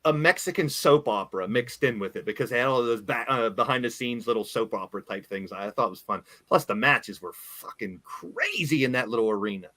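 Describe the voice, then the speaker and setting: Male podcast host, rambling casual chat, bright tone, dry mic. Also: medium pitch, lively intonation, fairly quick, few pauses, dry recording. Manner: rambling, talks while showing things on screen.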